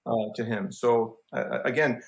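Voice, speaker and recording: A middle-aged man, a composer, telling stories in a casual interview, self-deprecating and halting, with many restarts. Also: mid-range voice, steady tone, gravelly. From Canada. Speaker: film and TV composer, guest.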